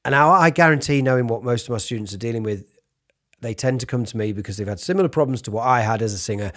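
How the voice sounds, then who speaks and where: A raspy, breathy-voiced man giving a casual singing lesson, demonstrating sounds as he explains. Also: mid-range voice, fast talker. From United Kingdom. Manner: informal, demonstrates sounds mid-sentence. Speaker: vocal coach.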